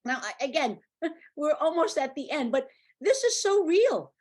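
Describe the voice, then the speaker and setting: A woman's voice: sits high, measured pace. A woman reading a novel aloud, acting out the dialogue and stopping to comment on it. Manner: acted, lively dialogue voices. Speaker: reader.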